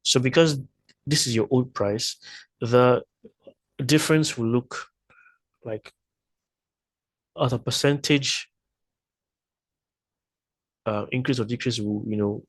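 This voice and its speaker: A man with a husky voice talks through a math lesson one step at a time, pausing to think and correcting himself as he goes. His voice sounds dry and close to the mic, with no room echo. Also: mid-range voice. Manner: thinking aloud, hesitant, self-correcting. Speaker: math tutor. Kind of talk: explaining math problems step by step.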